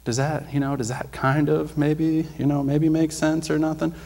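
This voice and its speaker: A man giving a sermon testimony at church, telling his story with excitement and acting out the dialogue. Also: on the high side, moderate pace, gravelly. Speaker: guest speaker sharing a testimony. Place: church sanctuary. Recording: long church hall reverb.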